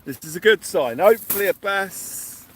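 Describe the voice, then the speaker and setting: A man hosting a casual live stream from a beach at night, giving cheery shout-outs and telling jokey stories. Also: sits high, lively intonation, moderate pace, a little hiss or hum. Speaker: livestream host.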